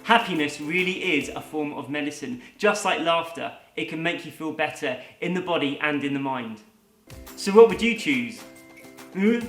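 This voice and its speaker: A man hosting a comedy show, telling jokes in a chatty, lively way. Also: a little high, moderate pace, faint music behind. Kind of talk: joke telling to camera. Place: home room. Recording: roomy echo.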